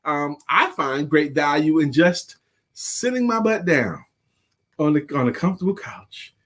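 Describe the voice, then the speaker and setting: A man's voice: fairly high pitch, measured pace. A middle-aged man co-hosting a casual chat show, teasing and joking with his co-host. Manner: playful teasing, animated. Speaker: podcast co-host.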